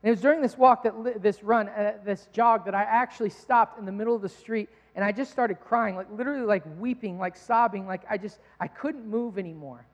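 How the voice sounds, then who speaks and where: A man's voice: sits high, brisk, few pauses. A man preaching a sermon as pastor, telling a personal story earnestly and with many restarts. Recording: dull sound in a hall with long reverb.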